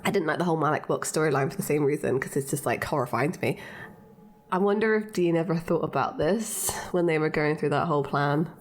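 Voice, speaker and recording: A woman co-hosting a podcast in casual chat, lively and chatty, often laughing. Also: low-pitched, quick pace. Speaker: podcast co-host.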